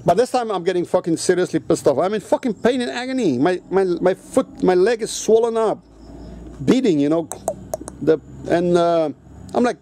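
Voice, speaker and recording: A man vlogging an angry story in a profane, halting rant. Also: high voice, expressive, mellow. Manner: profane, ranting, halting with restarts; switches into Mandarin.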